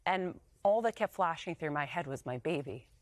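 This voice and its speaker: A woman in her thirties, a guest telling her own story candidly, animated and emotional, acting out the lines of others. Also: low-pitched, normal speed, dry recording. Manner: emotional, animated retelling with quoted dialogue. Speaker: interview guest.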